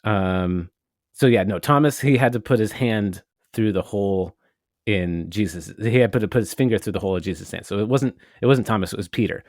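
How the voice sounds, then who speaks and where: A man's voice: lowish voice, a little fast, a little mellow, no room sound, clean studio sound. A man co-hosting a podcast, telling a story in a rambling, casual way and swearing now and then. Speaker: podcast co-host. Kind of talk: casual chat.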